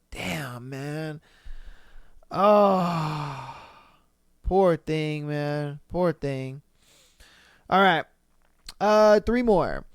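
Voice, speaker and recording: Smooth-voiced man, incredulous podcast host. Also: high voice, dry recording, studio quality. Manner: animated, swearing, incredulous commentary. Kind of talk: casual solo podcast reading listener stories.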